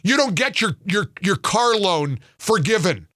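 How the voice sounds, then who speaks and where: A man's voice: sits high, very animated, measured pace, few pauses, a bit bright, dry recording, studio quality. A man hosting a talk radio show, ranting angrily and sarcastically, often repeating words as he gets worked up. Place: radio studio. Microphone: studio mic.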